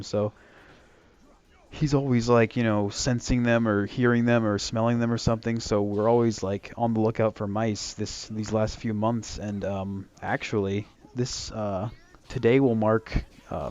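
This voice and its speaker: A man's voice: lowish voice, a little mellow, highs cut off, a little hiss or hum. A young man casually telling a long story, full of fillers and restarts, acting out the quoted lines. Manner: rambling, lots of fillers and restarts; acts out quoted lines in a raised voice.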